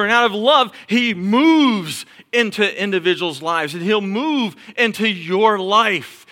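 Middle-aged male pastor, high and bright, preaching in repeated emphatic lines that fall to hushed tones. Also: expressive, slow, few pauses. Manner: emphatic repetition, drops to soft murmurs. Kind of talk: sermon.

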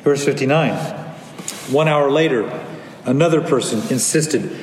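A man's voice: mid-range voice, unhurried, a little hiss or hum. A man preaching a sermon as pastor, earnest, sometimes acting out the people in the story. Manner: earnest, acts out quoted lines. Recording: echoey hall, faint ambience.

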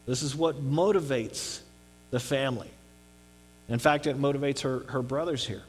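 A man's voice: mid-range voice, normal speed, a little hiss or hum. A man giving a conversational sermon on a Bible passage in an earnest way, often checking in with his listeners. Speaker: pastor.

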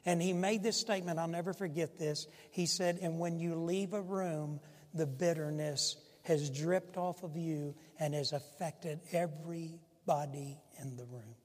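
A male pastor preaching with a high, ringing voice that rises to loud pleas and drops to hushed emphasis. His sermon carries a long reverb from a large sanctuary. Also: fairly even intonation, a little slow.

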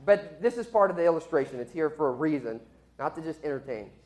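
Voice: mid-range voice, lively intonation, quick pace, a little mellow. A speaker casually telling a story to a group as a sermon illustration, chatty and self-deprecating, often laughing.

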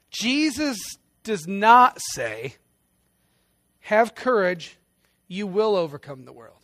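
A man's voice: high voice, fairly bright tone, no echo, studio quality. A pastor preaching a sermon in an earnest, emphatic way, repeating phrases and restarting his sentences.

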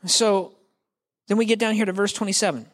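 A man's voice: sits high, steady tone, a little fast, a bit bright. A man preaching a sermon in a conversational, joking way, talking straight to the congregation. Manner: acts out quoted voices. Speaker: pastor.

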